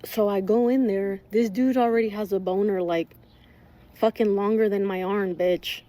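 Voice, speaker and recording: A woman's voice: medium pitch, normal speed. Blunt, foul-mouthed woman telling a story. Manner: profane, blunt and animated; acts out quoted voices mid-story. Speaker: guest telling a personal story. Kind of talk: candid casual storytelling.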